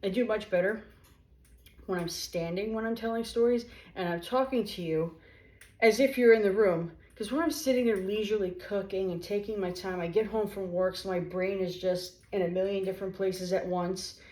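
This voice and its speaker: A woman telling stories straight to camera in a home kitchen, lively and chatty, sometimes talking with her mouth full. Her voice sits at an ordinary middle pitch, and the room gives it a noticeable echo. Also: moderate pace. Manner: animated, chatty, talking while eating. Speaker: vlogger. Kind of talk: casual storytelling. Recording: echoey room.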